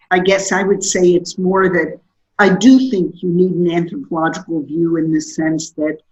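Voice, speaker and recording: A woman's voice: deep voice, darkish tone. Older woman professor on a dull line. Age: 60s. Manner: thoughtful, measured, explanatory. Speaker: guest, sociology professor. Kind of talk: interview answers.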